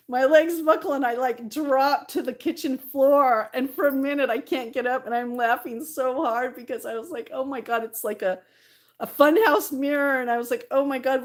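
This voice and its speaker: This is a middle-aged woman talking loosely to her live-stream viewers. She rambles happily, breaks into laughter, and reads out comments along the way. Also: sits high. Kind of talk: casual live-stream chat.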